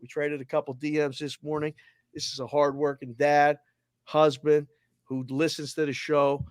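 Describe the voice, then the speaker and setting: A man with a Boston accent hosting a sports talk show, running through listener names and places with energetic, casual shout-outs. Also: fairly high pitch, moderate pace, clean tone, dry recording, clean studio sound. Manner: energetic, shout-outs with area codes and towns. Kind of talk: roll call of listeners, casual.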